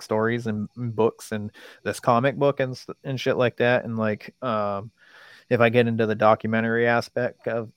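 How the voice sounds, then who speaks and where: A man's voice: lowish voice, clear, resonant tone, no room sound. A young man, a podcast guest, talking in a casual, profane, rambling way.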